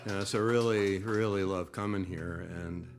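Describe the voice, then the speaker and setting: A man from Long Island, a singer-songwriter at an open mic, giving soft, halting stage patter between songs with many ums. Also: low-pitched, fairly even intonation. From Long Island, New York. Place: small performance room. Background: guitar playing.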